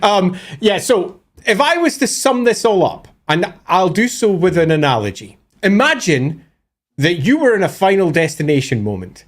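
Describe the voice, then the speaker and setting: A man co-hosting a live lore stream, excitable and swearing, acting out scenes as he explains. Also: high-pitched, moderate pace.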